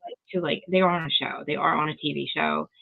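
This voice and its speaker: A woman's voice: sits low, fairly even intonation, quick pace, vocal fry. A woman recapping reality TV in a rambling, profane casual chat, acting out quotes from the show. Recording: tinny phone-like call audio.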